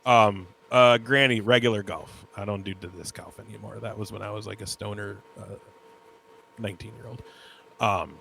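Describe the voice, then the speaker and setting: A young adult man with a fairly low, creaky, slightly bright voice speaks at normal speed in a steady tone while co-hosting a podcast. In casual chat, he tells rambling stories packed with "like." Slight background noise is audible.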